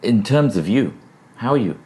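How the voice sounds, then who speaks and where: A man's voice: fairly low pitch, animated, moderate pace, dark tone. A man playing a captain in a tabletop game, commanding and dry. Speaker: player. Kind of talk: in-character tabletop play.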